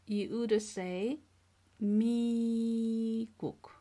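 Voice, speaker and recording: A woman teaching a beginner language lesson, speaking slowly and clearly, repeating each word and praising the learners. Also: on the high side, steady tone, warm tone. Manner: patient, drills words twice and praises learners. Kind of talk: slow, clear classroom instruction.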